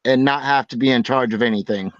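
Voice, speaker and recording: A man's voice: mid-range voice, fast talker, no room sound. Blunt, self-deprecating man, panel chatter, dull lo-fi audio. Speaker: panel guest. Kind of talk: casual panel chat.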